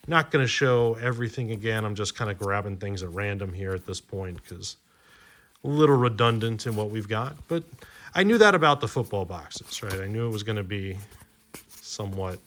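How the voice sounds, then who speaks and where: A man's voice: on the low side, a bit bright. A man chatting loosely on his card-collecting channel, rambling with fillers and restarts as he sorts through old boxes. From Maryland, US. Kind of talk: casual chat while opening cards.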